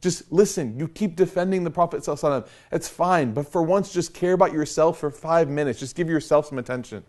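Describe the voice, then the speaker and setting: A man's voice: fairly high pitch, fast talker, hardly any pauses, a little mellow, lightly acted. A man voicing exasperated family members who firmly plead with someone to stop, in a slightly raised voice. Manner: firm, pleading.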